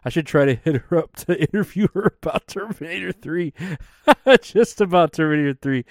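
A man's voice: a little high, animated, moderate pace, no echo, clean studio sound. A man hosting a podcast in a casual, rambling monologue, swearing often and stopping for fillers. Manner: profane, rambling, with many fillers. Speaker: podcast host.

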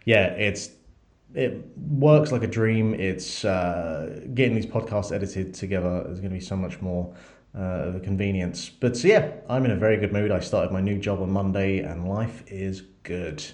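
A man co-hosting a podcast in a casual, excitable, swearing chat. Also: low-pitched, moderate pace, echoey room. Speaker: podcast co-host.

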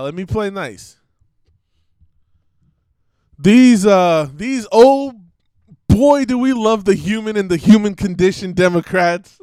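Blunt, profane man ranting, slightly high. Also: darkish tone, no echo, low-quality recording. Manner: blunt, profane, laughs between rambling asides. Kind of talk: profane rambling rant.

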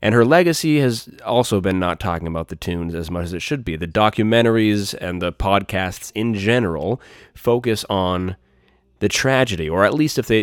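A man's voice: lowish voice, dry recording. A man hosting a solo music podcast, talking enthusiastically and in superlatives. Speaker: podcast host.

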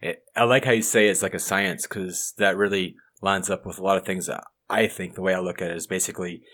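Male host in his thirties, lowish voice, chatty, animated storytelling. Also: brisk. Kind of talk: casual podcast chat.

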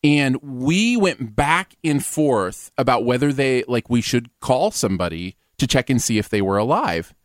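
A man's voice: medium pitch, unhurried, few pauses, dry recording, clean studio sound. A man co-hosting a radio show, joking and laughing often in casual news chat. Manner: animated, laughs often, jokey. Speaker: radio co-host.

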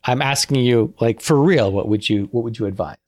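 A man's voice: mid-range voice, fairly quick, a little mellow. A man co-hosting a podcast, chatting casually and playfully, throwing out ideas and jokes. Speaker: podcast co-host. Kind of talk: casual chat.

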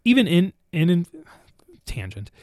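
A man's voice: sits high, huge pitch swings, a little slow, warm tone, slight background noise. A man chatting casually about movies on a podcast, rambling with restarts and now and then putting on silly voices for quotes. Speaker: podcast co-host.

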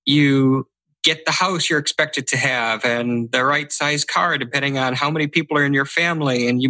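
A man's voice: on the high side, bright, forceful tone, no room sound, rough recording. A man hosting a podcast interview, enthusiastic, with stumbles and restarts. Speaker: podcast host. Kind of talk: casual interview talk.

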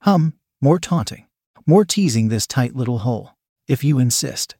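A man's voice: medium pitch, expressive, moderate pace, dark tone, husky, no room sound, clean studio sound. A man voicing a smug, condescending man who teases. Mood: teasing. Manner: condescending, teasing. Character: smug teasing dominant man.

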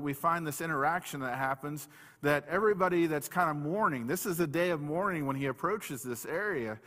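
A pastor giving a conversational sermon and reading scripture aloud slowly, with plain restarts as he talks. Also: on the high side, fairly bright tone. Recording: long reverb of a hall.

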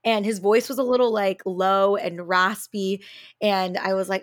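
A woman co-hosting a podcast who tells a story in a quick, animated way, acting out quotes and using plenty of fillers. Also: mid-range voice, dry recording, clean studio sound. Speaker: podcast co-host and speech therapy grad student.

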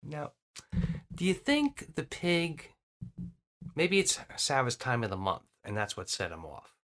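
A man co-hosting a podcast, joking about a movie in an excitable, profane way. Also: mid-range voice, measured pace. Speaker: podcast co-host. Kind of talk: casual chat about a movie.

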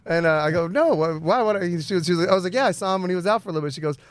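Fast-talking rambling man, dry close mic. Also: high voice, dry recording. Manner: loose, rambling, full of "you know" and "like". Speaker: guest. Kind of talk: casual storytelling.

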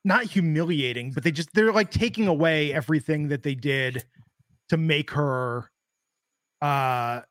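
A man with a fairly high voice chats through a wrestling recap, opinionated and rambling, full of filler words. The sound is close and dry, with no room echo. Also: measured pace, a bit bright. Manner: chatty, opinionated, rambling with many "like"s. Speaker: wrestling show co-host. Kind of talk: casual podcast chat.

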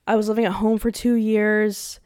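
A woman's voice: medium pitch, flat delivery, normal speed, a little mellow, dry recording. Chatty young woman podcaster, dry sound. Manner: chatty and candid, heavy use of "like". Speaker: podcast host. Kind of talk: casual solo podcast chat.

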